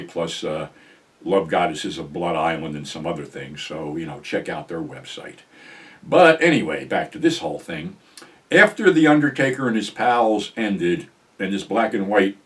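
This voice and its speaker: An older man hosting his own show, telling a rambling, profane story in a casual, animated way. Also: lowish voice, distant mic. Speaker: show host.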